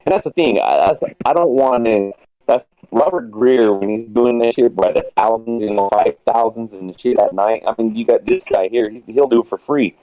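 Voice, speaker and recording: A man's voice: medium pitch, moderate pace, no echo, faint music behind. A man in casual podcast chat, rambling with lots of fillers and restarts, swearing casually. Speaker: guest. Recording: dull lo-fi sound.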